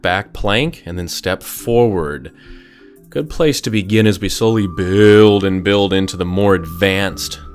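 Upbeat jokey male fitness instructor. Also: low-pitched. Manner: upbeat and jokey, coaching through exercises. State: out of breath at times. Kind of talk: workout instruction.

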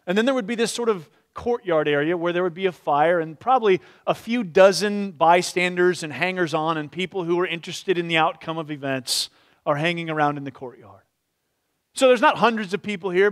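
A pastor preaching a sermon in a church, telling the story expressively and dropping to quiet, slow tones at solemn moments. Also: male voice, high-pitched.

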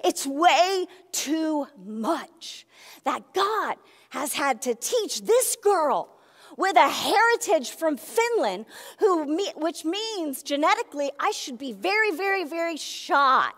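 A woman's voice: high voice, sing-song, takes it slowly, in a large hall. A woman in her forties preaching a sermon, emphatic and emotional, often exclaiming. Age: 40s. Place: church sanctuary.

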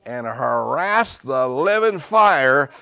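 This middle-aged pastor preaches slowly in a sing-song, creaky voice, captured as a dry recording in a church sanctuary. His charismatic sermon moves from quiet asides up to booming declarations, with jokey jabs along the way.

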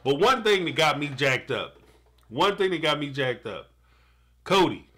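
A man's voice: fairly high pitch, very animated, moderate pace, long pauses, a bit bright. A man reacting live to a reality show in a fired-up, ranting way, with a laugh breaking in. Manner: fired up, ranting and laughing, talks straight at the viewer. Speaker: live-stream reaction host. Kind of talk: animated reaction commentary.

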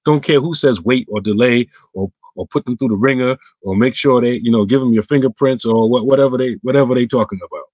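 A man's voice: medium pitch, fast, few pauses, darkish tone, dry recording. A man, an imam, answering viewer questions on an online roundtable in a casual, emphatic way, his voice climbing when he stresses a point. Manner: casual, clipped everyday grammar.

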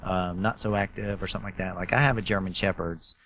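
Southern us guy hosting a talk show, bright punchy voice, chatty and excited. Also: deep voice, fast, a little hiss or hum. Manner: enthusiastic, chatty. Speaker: host.

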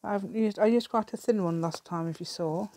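A woman's voice: mid-range voice, a little fast, mellow. A middle-aged woman with an English accent chats casually while crafting at her table, rambling, thinking aloud and often laughing. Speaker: craft vlogger. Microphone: camera on the table.

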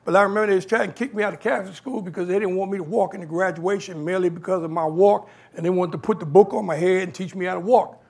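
Creaky and high-pitched, this man from New York is giving a storytelling talk as a guest speaker. He's animated throughout, voicing the people who appear in his personal anecdotes.

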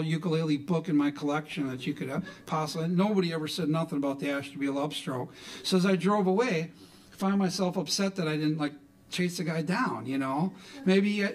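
A middle-aged folk musician from Milwaukee, Wisconsin, tells a rambling, folksy story on stage between songs, saying "you know" a lot. His voice is fairly high-pitched and a little mellow.

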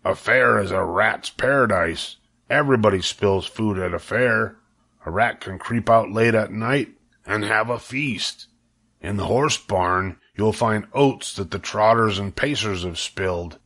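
A man's voice: on the low side, a little slow, vocal fry, fairly bright tone, heavily acted. A man voicing a worldly old sheep. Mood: relishing. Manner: lingering relish over long lists.

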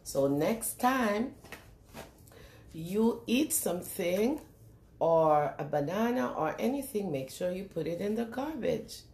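Animated woman reading to small children. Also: mid-range voice, slow, roomy sound. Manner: animated, sing-song, asks the children questions. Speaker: children's storyteller. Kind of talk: reading a picture book aloud to young children.

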